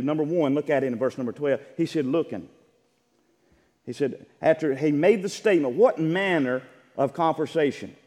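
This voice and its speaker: A man preaching a sermon as a Baptist preacher, moving from a measured reading of scripture to shouted fervor. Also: on the high side, long reverb tail. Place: church sanctuary.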